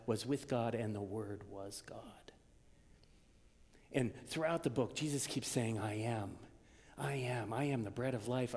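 A man preaching a sermon, swinging from loud, emphatic lines down to hushed whispers. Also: mid-range voice, in a large hall. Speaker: pastor.

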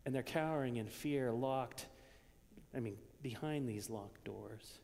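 A man preaching a sermon in a conversational way, moving between loud emphasis and hushed near-whispers. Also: mid-range voice, unhurried, gravelly, a little hiss or hum. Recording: long reverb of a church hall.

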